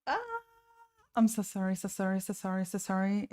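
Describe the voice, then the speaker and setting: Her voice medium-pitched and warm, a woman painter on a live stream talks briskly with a flat delivery. She chats casually while venting frustration, rambling in an exasperated way with many restarts and thoughts left hanging.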